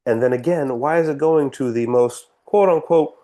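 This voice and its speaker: A man's voice: mid-range voice, normal speed, warm tone. A man co-hosting a casual podcast, ranting sarcastically and swearing freely. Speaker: podcast co-host. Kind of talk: casual political podcast chat.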